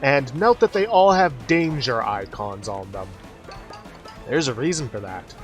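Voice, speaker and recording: A man's voice: medium pitch, animated, measured pace, soft background music. A man hosting a let's play, explaining the game step by step as he plays. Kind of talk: casual game commentary.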